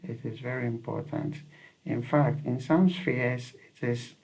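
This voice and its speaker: A man's voice: medium pitch, fairly even intonation, measured pace, vocal fry, a little mellow, poor audio. A man giving earnest, repetitive advice on visa interviews, with frequent fillers. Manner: earnest, repeats key points, frequent fillers. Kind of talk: instructional talk to camera.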